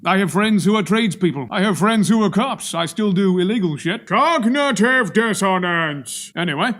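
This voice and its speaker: A man's voice: high-pitched, a little fast. A man from Australia talking to camera in a verbose, pontificating, projected manner with wry humor. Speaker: vlogger. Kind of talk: monologue to camera.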